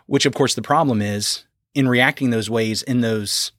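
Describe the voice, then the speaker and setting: A man's voice: medium pitch, moderate pace, fairly bright tone, no echo, clean studio sound. A middle-aged man speaking thoughtfully about his own struggles as a parent in a casual discussion. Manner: thoughtful, self-examining.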